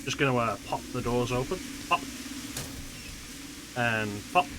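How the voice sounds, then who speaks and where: A man streams a horror game and keeps up casual, sarcastic commentary for his chat. His voice sits at a middle pitch. Clear noise runs under the recording. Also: lively intonation, unhurried. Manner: joking, sarcastic asides. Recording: noisy stream audio.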